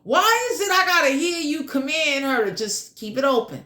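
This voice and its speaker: A woman's voice: high-pitched, very animated, moderate pace, bright, forceful tone, echoey room. A woman giving a casual general tarot reading in a blunt, crude, joking way, swearing freely. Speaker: tarot reader.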